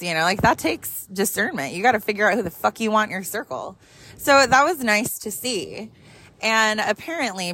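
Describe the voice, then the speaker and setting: Woman in her 30s talking while driving, animated, swears a lot, laughs a bunch. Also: medium pitch. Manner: animated, profane, laughs often. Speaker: mother telling a story. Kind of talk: casual storytelling vlog.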